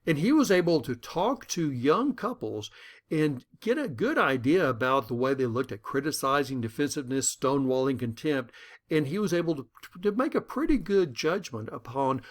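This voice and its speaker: A man's voice: mid-range voice, normal speed. A man lecturing on conflict management, telling personal stories and acting out the dialogue in them. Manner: animated storytelling that acts out dialogue.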